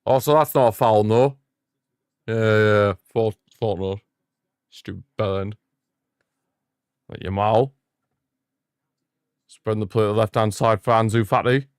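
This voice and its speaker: A young man hosting a live football watchalong, giving excitable fan commentary and ranting at the referee. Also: fairly low pitch, a little slow, pauses often, smooth, no echo, clean studio sound. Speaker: watchalong host.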